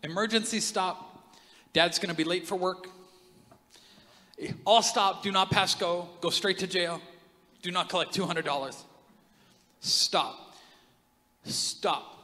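A man preaching a sermon as pastor of his church, joking and telling stories, with big swings from loud outbursts to hushed asides. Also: high voice, measured pace, pauses often. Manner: animated, joking storyteller with big swings in loudness. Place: large church hall. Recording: long hall reverb.

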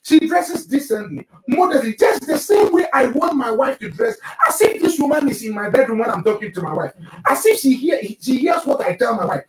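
High-voiced emphatic male pastor. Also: very animated, fairly quick, few pauses. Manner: emphatic, preachy, addresses listeners directly. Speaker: pastor and marriage show host. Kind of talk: live broadcast marriage teaching. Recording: roomy, distant mic.

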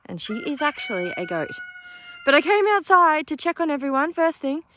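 A woman's voice: sits high, very animated, brisk, fairly bright tone, a little hiss or hum. A woman keeping a farm sanctuary, chatting in a casual morning vlog outdoors and cooing at the animals in baby talk.

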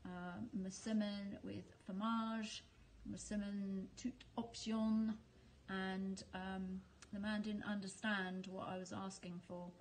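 A woman's voice: medium pitch, little pitch movement, slow, slight background noise, low-quality recording. A woman from the UK talking casually in a vlog, chatty and hesitant with frequent ums. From United Kingdom. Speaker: vlogger.

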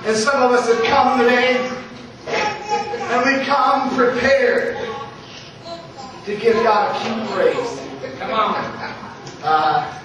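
A man giving a lively church sermon with frequent "uh" fillers and shouted peaks, heard in a church sanctuary. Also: sits high, a little slow, crowd noise. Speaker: guest preacher. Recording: echoey church sound from far off, noisy.

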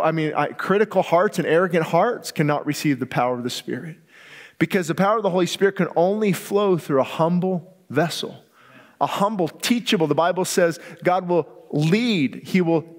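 A male pastor preaching a sermon with passion, swinging from near-shouts down to quiet, low asides. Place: church sanctuary. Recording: long hall reverb.

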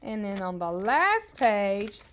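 A woman's voice: medium pitch, very animated, a little hiss or hum. A woman teaching an early reading lesson to young children, spelling out words letter by letter in an upbeat, encouraging way. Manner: slow, clear spelling out of letters.

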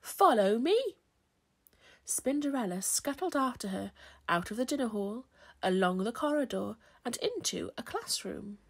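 A woman reading a children's picture book aloud, slow and expressive. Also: a little high, gravelly, slightly rough. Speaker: children's storyteller.

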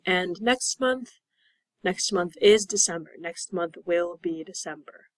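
A young woman teaching English as a second language, explaining slowly and patiently, repeating words and spelling them out. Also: on the low side, no echo, low-quality recording. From United States. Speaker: ESL teacher. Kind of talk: slow, clear classroom explanation.

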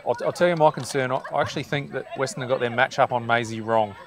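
A man's voice: medium pitch, fast. A man co-commentating a live football match outdoors, full of jokes and nicknames. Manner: jokey banter, playful nicknames.

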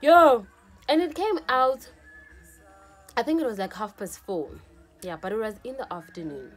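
A young woman from South Africa talks straight to her viewers in a casual storytime. Her voice sits a little high, and she keeps the telling lively with constant fillers. Faint music plays underneath. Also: normal speed. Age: young adult. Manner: animated, frequent "yo" and "guys" fillers. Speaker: vlogger.

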